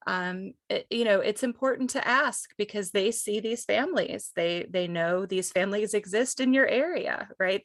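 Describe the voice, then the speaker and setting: A woman's voice: medium pitch, a bit bright, no room sound. A woman who is a parent of a child with Duchenne, talking candidly and chattily with lots of fillers. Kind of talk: conversational webinar sharing. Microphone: video call microphone.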